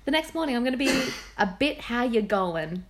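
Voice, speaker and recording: A woman's voice: a little high, lively intonation, moderate pace. Bubbly Australian woman host. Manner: bubbly, laughs often, teasing. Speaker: podcast co-host. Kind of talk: casual chat.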